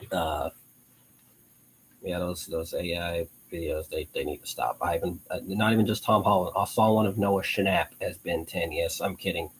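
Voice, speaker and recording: A man's voice: low-pitched, fairly even intonation, moderate pace, a little hiss or hum, low-quality recording. A young man hosting a live online show, chatting casually in a rambling way with frequent restarts and laughs. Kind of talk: casual live-stream chat.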